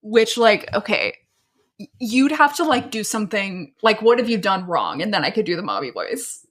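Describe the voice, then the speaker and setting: A woman's voice: medium pitch, very animated, moderate pace, a bit bright. A woman co-hosting a podcast, talking bluntly and animatedly in casual chat, swearing freely. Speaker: podcast co-host.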